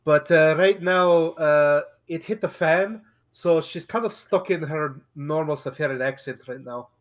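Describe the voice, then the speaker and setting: Male player, lighter voice, relaxed chatty delivery. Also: fairly high pitch, a little slow. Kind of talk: casual chat.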